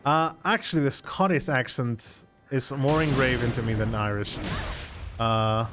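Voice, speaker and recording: A man's voice: mid-range voice, a little slow, over music. Rambling male streamer. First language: Spanish. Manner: rambling, self-conscious, chuckling. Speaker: game streamer. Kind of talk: casual live-stream chat.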